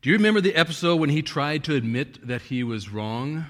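Expressive male pastor preaching. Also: a little high, a little fast. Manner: expressive preaching, reads scripture with emphasis, chuckles often. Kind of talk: sermon.

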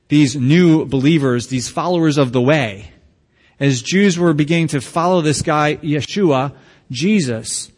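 Guy pastor preaching, chatty and jokey with the crowd, kinda high voice, big echoey church sound. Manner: conversational, joking with the congregation. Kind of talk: sermon. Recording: long hall reverb.

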